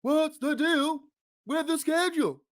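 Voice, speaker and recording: A man's voice: extremely high pitch, a little slow, voice pushed up. A man with an Australian accent doing an impression of a whiny male stand-up comic, firing off indignant rhetorical questions. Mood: ranting.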